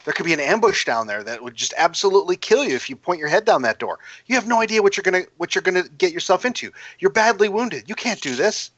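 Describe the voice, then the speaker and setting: A woman's voice: on the low side, lively intonation, fast, few pauses, fairly bright tone, dull audio, voice pushed up. A man voicing a stern, protective female fighter, scolding her wounded companion in an urgent way.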